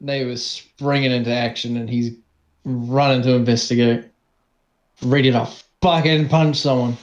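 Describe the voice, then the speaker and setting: A man chatting in a tabletop game with a flat, level delivery. He sounds dull and a bit lo-fi, with echo around him. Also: mid-range voice, moderate pace. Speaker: player. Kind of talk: casual tabletop game chat.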